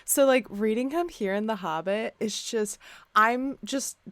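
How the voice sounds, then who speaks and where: A woman co-hosting a casual podcast chat, animated, often acting out quoted lines in exaggerated voices. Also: a little high, a little slow, dry recording. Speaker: podcast co-host.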